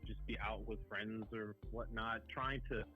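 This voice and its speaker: A young man speaking as a podcast guest, earnest and halting, with many fillers and restarts. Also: lowish voice, little pitch movement, lo-fi sound, soft background music. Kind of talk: conversational interview.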